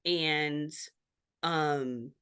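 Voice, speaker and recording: A woman with a somewhat low voice talks openly as a podcast guest. She tells her story candidly and peppers her speech with likes. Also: steady tone, extremely slow, a bit bright, clean tone. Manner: many filler likes. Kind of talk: casual interview chat.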